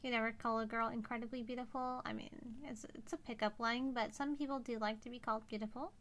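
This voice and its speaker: Chatty young woman streamer, fairly high. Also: steady tone, quick pace, fairly bright tone. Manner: chatty, weighing choices aloud. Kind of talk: casual game commentary to chat.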